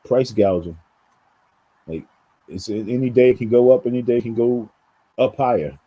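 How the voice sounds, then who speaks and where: A man's voice: mid-range voice, moderate pace, breathy edge, lo-fi sound. A man from New York talking straight to his viewers in a rambling commentary, often repeating words and calling them folks. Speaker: vlogger. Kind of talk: casual commentary monologue.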